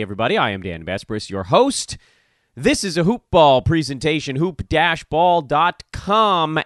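A man hosts a chatty podcast with a slightly hoarse voice. His pitch swings widely as he jumps between announcements and jokey asides, all recorded close and dry. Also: no echo. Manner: animated, quick asides and mock-dramatic openings. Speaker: podcast host. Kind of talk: energetic podcast chat.

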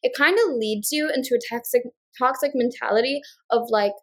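A woman co-hosting a podcast, recapping a reality show in casual chat and acting out quotes from the cast. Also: a little high. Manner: fast recapping with acted-out quotes. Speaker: podcast co-host.

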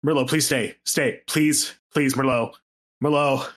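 A man's voice: mid-range voice, fairly even intonation, unhurried, fairly bright tone. A man voicing a terrified, restrained air force captain who stammers and pleads frantically. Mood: desperate pleading.

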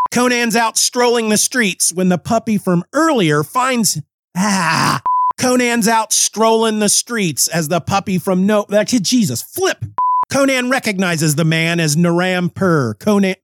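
A man's voice: high-pitched, a bit bright, no room sound, studio quality. A man hosting a podcast while sick, with a stuffy, congested voice, reading lines over and over in a frustrated, self-mocking way. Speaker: podcast host. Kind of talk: casual podcast reading with retakes.

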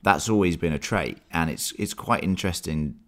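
A man hosting a casual film discussion podcast, animated and swearing freely as he recaps the plot. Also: sits low, moderate pace. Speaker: podcast host.

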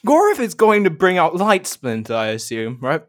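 A man's voice: sits high, huge pitch swings, normal speed, no echo, clean studio sound. A man narrating as game master of a tabletop game in a chatty way, with frequent laughs and stammering restarts.

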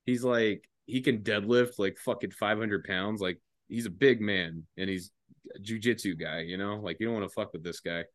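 A man's voice: fairly low pitch, moderate pace, no room sound. A young man, a former soldier, telling a casual profane story on a podcast with frequent laughs and swearing. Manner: laid-back, laughing often, heavy swearing.

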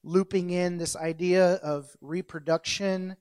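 A man's voice: high-pitched, steady tone, unhurried, darkish tone, smooth. A man preaching a casual, conversational sermon, joking at his own slips and correcting himself as he goes. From central United States. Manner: jokey, self-correcting, loosely conversational.

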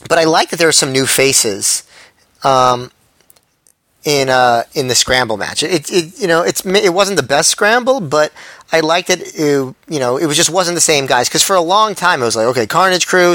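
A man's voice: fairly high pitch, fairly bright tone, dry recording. A man co-hosting a podcast, talking casually with many fillers and restarts. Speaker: podcast co-host. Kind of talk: casual chat.

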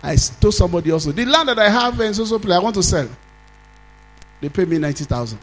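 A Nigerian man, a pastor, preaching a sermon as a story, swinging from loud exclamations to low asides. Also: expressive, fast, faint music behind, poor audio.

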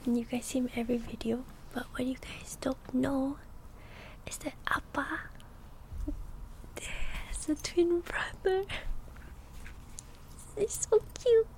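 A young woman with a slightly raised, congested voice talks in soft-spoken ASMR, mostly whispering. She moves slowly and rambles, tagging "okay?" onto her thoughts. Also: high-pitched, big pitch swings. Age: young adult. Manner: chatty, rambling storytelling with frequent "okay?". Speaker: ASMR creator.

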